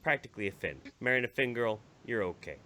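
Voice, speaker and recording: A man putting on the voice of a huge, gruff older uncle who talks loud and profane. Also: mid-range voice, animated, fast. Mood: blustering.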